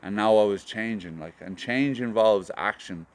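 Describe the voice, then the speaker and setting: Irish male guest, low-pitched, smooth tone, earnest and halting delivery. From Ireland. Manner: earnest, halting, often repeats and restarts words. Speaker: podcast guest. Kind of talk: casual chat.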